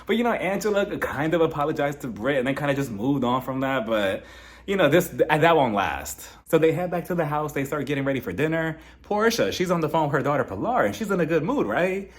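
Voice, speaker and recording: A young man recapping a reality TV episode in a loose, chatty way. His pitch swings widely as he mocks the cast and slips into their voices, landing his jokes with a sarcastic, incredulous edge. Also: a little fast. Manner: animated, mocking, acts out cast members' lines in put-on voices. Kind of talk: casual recap commentary.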